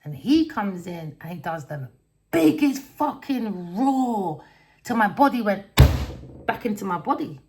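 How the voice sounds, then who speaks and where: Woman, tarot reader, gravelly fry in the voice, blunt, foul-mouthed, rambling. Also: mid-range voice, very animated, moderate pace, background noise. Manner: blunt, swears constantly; storytelling, rambling. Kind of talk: casual tarot reading monologue.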